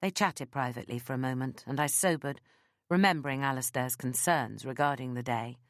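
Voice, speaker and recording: Low-voiced woman narrating an audiobook. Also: fairly quick, no echo, studio quality. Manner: lively first-person storytelling.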